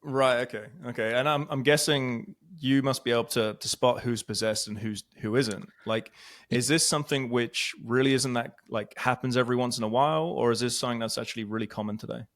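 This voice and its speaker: A man hosting a podcast interview, asking questions with a hesitant, halting manner. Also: medium pitch, fairly even intonation, fairly bright tone. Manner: brief reactions, hesitant questions. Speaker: podcast host.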